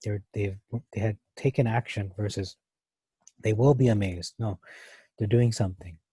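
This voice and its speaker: A man's voice: on the low side, fairly even intonation, moderate pace, mellow, slightly rough, no room sound. A man teaching a verse-by-verse Bible study, thinking aloud with many fillers and restarts.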